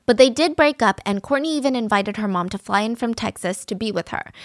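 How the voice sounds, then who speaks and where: A woman's voice: mid-range voice, no echo, studio quality. A woman telling a true-crime case in a casual, conversational, opinionated way, using fillers like "so" and "like".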